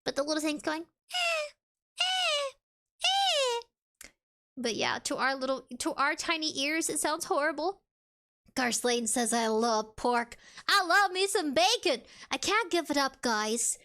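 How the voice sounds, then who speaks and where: High, bright-voiced goofy woman streamer. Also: animated, normal speed. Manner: playful, rambling, goofy. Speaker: VTuber streamer. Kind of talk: casual live-stream chat, reading chat and game text.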